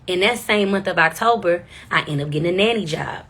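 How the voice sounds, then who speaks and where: A woman's voice: fairly low pitch, fairly quick, fairly bright tone. A young woman in her twenties telling a personal story straight to camera, casual, candid and profane. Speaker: vlogger.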